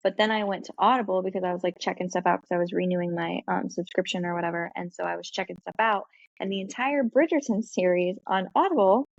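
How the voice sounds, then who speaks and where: A woman co-hosting a podcast, telling a long casual story full of "like" and "um" and quick laughs. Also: mid-range voice, vocal fry, dry recording, lo-fi sound. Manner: chatty storytelling with frequent fillers and laughs. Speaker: podcast co-host. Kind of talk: casual chat.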